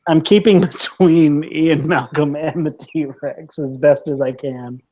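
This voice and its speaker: A man's voice: on the high side, steady tone, slow pace, a little mellow, lo-fi sound. A man playing a tabletop game, eager and joking as he describes his character's moves. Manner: eager, playful, jokes and laughs while describing actions. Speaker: player.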